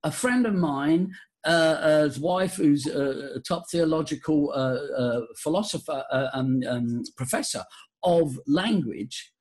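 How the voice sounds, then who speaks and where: A man talking as a voice coach guest in a podcast interview, leading a breathing exercise in a theatrical, animated way. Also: measured pace. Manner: animated, theatrical, jumps high for emphasis.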